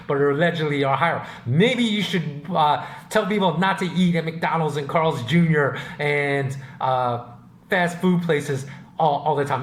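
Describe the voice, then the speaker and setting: A man hosting a podcast, talking in a rambling, emphatic and opinionated monologue. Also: on the high side. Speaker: podcast host. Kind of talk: casual monologue. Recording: roomy echo.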